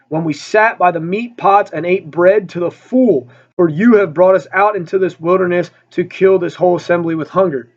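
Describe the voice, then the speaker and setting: Man teaching scripture in a high voice. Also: muffled recording. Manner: conversational, frequent fillers, reads scripture aloud. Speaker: Bible study teacher. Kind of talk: casual verse-by-verse Bible teaching.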